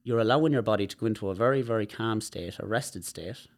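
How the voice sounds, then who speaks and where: An Irish man, a guest on a podcast, telling personal stories in an animated way and swearing freely. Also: on the low side, quick pace. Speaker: guest, movement specialist. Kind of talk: podcast conversation.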